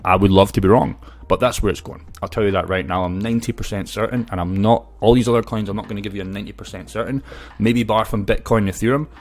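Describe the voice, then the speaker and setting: Brash man, low voice. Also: quick pace. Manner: brash, swearing, lively storytelling. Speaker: crypto YouTuber. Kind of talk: casual talking-head video.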